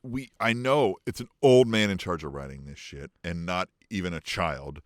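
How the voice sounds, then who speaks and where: A man's voice: sits low, normal speed, no room sound, studio quality. A man co-hosting a wrestling podcast in casual chat, sounding exasperated, swearing and trailing off into restarts.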